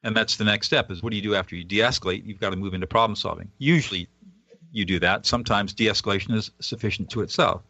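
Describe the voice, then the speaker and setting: A man's voice: on the low side, fast talker, sharp tone, no room sound, highs cut off. A man, a guest author on a radio interview, explaining a method earnestly and at times acting out example dialogue.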